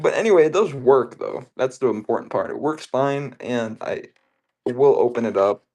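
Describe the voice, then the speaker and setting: A man hosting a live sale of consoles and games, his voice gravelly with fry and jumping all over in pitch. He rambles, jokes and swears freely as he sells. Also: animated, moderate pace, a little mellow. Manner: profane, rambling, joking. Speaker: seller on a live auction stream. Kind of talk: casual live-selling chat.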